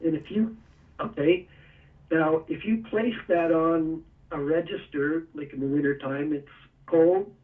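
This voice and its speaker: In a casual interview, a guest who makes energy tools explains things step by step, chuckling now and then. His voice is on the high side and unhurried, picked up by a distant mic with phone-quality sound.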